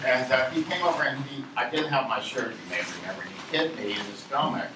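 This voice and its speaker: A man's voice: medium pitch, brisk, distant mic. Guy from virginia spinning a rambling story, off mic in an echoey noisy room. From Virginia, USA. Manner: meandering, digressive, chuckles at his own tale. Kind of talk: rambling anecdotal storytelling to a live audience.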